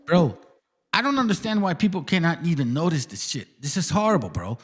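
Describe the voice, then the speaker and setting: A man's voice: fairly high pitch, sing-song, brisk. A man hosting a casual reaction commentary, ranting heatedly and swearing constantly. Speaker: stream host.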